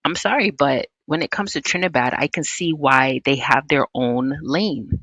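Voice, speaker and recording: A vlog host giving commentary in an animated, teasing way, full of rhetorical questions. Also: mid-range voice, moderate pace, dry recording.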